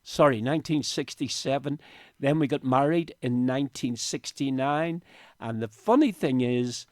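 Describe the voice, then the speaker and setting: A man's voice: mid-range voice, moderate pace, a little mellow, no echo, clean studio sound. Older man, emotional storyteller. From Northern Ireland. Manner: emotional storytelling, tearful at times. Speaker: interview guest. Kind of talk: radio interview. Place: radio studio. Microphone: studio microphone.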